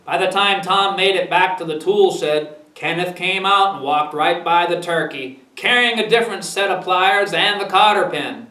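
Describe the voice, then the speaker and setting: A man's voice: sits high, normal speed, few pauses, sharp tone, reverberant, recorded from a distance, rough recording. A man with a Maine accent reading his humor book aloud in an easygoing, folksy way. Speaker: storyteller.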